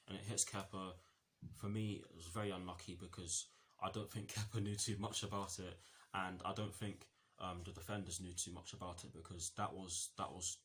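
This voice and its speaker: A man's voice: sits low, a bit bright, a little hiss or hum. A man giving a casual football match review, rambling with many fillers, false starts and self-corrections.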